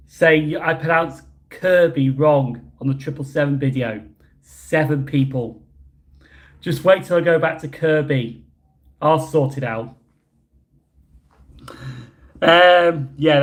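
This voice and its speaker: A young man chatting casually on a livestream, reading out viewer comments and rambling about his own slips. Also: fairly high pitch. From Yorkshire, England. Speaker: livestream host. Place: hotel room.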